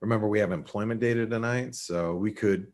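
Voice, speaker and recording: A man hosting a live trading webinar, talking casually through currency levels and often thinking aloud with quick restarts and asides. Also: on the low side, darkish tone. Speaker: forex market analyst.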